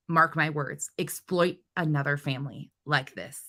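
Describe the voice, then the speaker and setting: A woman's voice: deep voice, normal speed, fairly bright tone. A woman hosting a reaction commentary, ranting bluntly and indignantly with profanity and sarcastic mockery. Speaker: commentary channel host.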